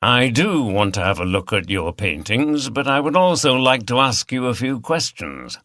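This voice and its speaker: A man's voice: medium pitch, sing-song, moderate pace, pushed and bright, no echo, studio quality, pitched above the performer's own voice. A man reading the part of a male chief inspector who is courteous, firm and direct. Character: polite, persistent male police chief inspector.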